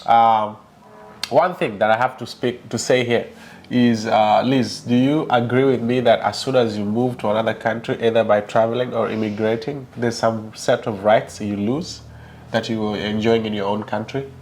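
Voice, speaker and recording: A man's voice: on the low side, fairly even intonation, normal speed, a little mellow, slight background noise. A man hosting a casual interview, chatty and laughing often with many restarts. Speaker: host.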